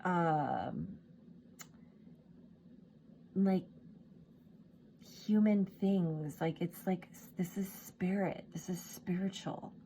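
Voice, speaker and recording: A woman's voice: on the low side, extremely slow, vocal fry, pauses often, warm tone, slight background noise. A woman giving a casual tarot reading, emotional and gushing, full of fillers like "like" and "um", moved to tears. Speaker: tarot reader.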